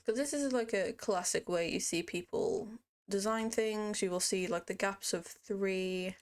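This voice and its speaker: A woman's voice: mid-range voice, sing-song, measured pace. A young woman narrating a game building tutorial in a playful, rambling way, full of self-mocking asides. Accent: puts on a mock accent at times. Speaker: Minecraft build tutorial creator. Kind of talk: casual screen-recorded game tutorial.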